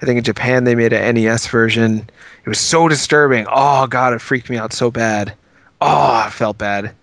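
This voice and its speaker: A man's voice: medium pitch, normal speed, gravelly, fairly bright tone, dry recording. A man co-hosting a podcast in easygoing, slightly self-conscious casual chat. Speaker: podcast co-host.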